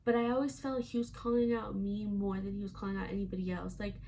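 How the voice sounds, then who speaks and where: A young woman tells a casual storytime vlog at home, chatty and sprinkled with "like" fillers as she acts out what people said. Her voice carries plenty of vocal fry, and a faint hiss sits behind it. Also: medium pitch, flat delivery, fast, dark tone. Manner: chatty, frequent "like" fillers, acts out quoted lines. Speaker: vlogger.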